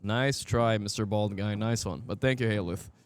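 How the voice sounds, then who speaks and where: A man streaming a game, giving casual, excitable commentary, swearing often and talking to his chat. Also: fairly low pitch, moderate pace, a little hiss or hum.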